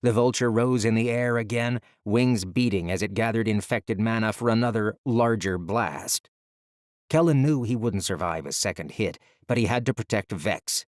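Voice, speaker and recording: A man narrating a fantasy audiobook with dramatic, measured storytelling, recorded on a close studio mic. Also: on the low side, dry recording.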